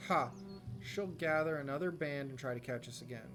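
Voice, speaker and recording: A man's voice: fairly high pitch, normal speed, over music, lightly acted. A man reading the lines of a brash, bloodthirsty male warrior in a scornful, aggressive tone. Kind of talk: reading game dialogue aloud.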